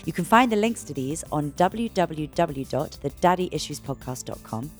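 Lady podcast host, super animated, low-ish voice, bit of music behind. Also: normal speed. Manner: lively and enthusiastic. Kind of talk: podcast interview and outro.

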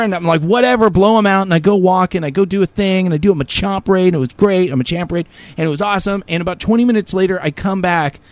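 A man's voice: a little high, no echo. A man telling a story in casual chat, rambling and full of fillers and swearing, with heated, raised bursts when he quotes himself.

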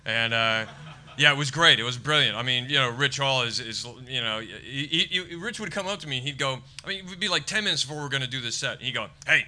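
An American comedian, middle-aged, telling lively anecdotes in a casual chat and acting out other people's lines. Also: male voice, mid-range voice, quick pace. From United States. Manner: animated storyteller acting out quotes. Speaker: stand-up comedian guest.

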